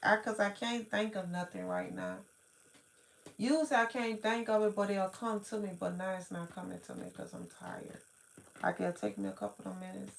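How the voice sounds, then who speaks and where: A tired, sleepy woman hosting a late-night livestream, chatting slowly with viewers in a rambling, drawling way, sighing and yawning. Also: mid-range voice, expressive, creaky. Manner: slow, drawling, rambling talk with sighs and yawns. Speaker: livestream host.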